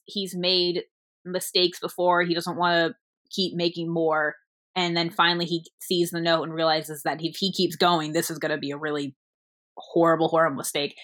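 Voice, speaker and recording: Young woman animatedly retelling a film. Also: on the low side. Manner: animated storytelling, acting out quoted lines. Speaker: movie reviewer. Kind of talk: casual chat.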